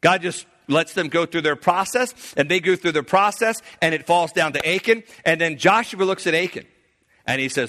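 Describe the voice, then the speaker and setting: A man preaching a sermon, swinging between loud, emphatic lines and hushed, slowed passages, often restarting his sentences. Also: on the high side, animated. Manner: earnest, with frequent restarts and filler.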